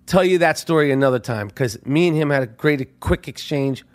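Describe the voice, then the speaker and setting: A middle-aged man hosting a podcast, telling a story in a profane, animated monologue that swings between loud outbursts and hushed asides. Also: on the high side, normal speed. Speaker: podcast host.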